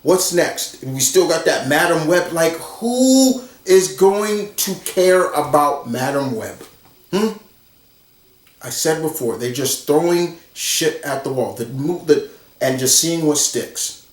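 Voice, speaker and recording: Slow, blunt man ranting in a roomy space. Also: fairly high pitch, expressive. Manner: blunt, profane, exasperated. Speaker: commentary vlogger. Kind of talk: ranting movie commentary. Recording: roomy echo, far from the mic.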